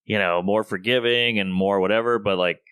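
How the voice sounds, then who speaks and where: A man, a comedian, talking in a casual podcast conversation and telling animated stories, acting out the voices of people he quotes. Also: on the low side, normal speed, smooth, no echo, clean studio sound. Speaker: comedian guest.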